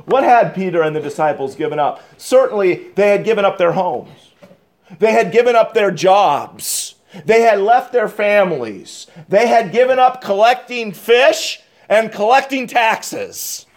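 A male pastor preaching a sermon, deliberate and emphatic, repeating key phrases. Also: high-pitched, lively intonation.

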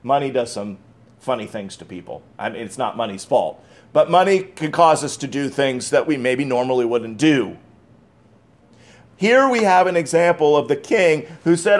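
A man's voice: mid-range voice, lively intonation, moderate pace. A man preaching a sermon, emphatic and repeating key phrases, with conversational asides between scripture readings. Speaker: pastor.

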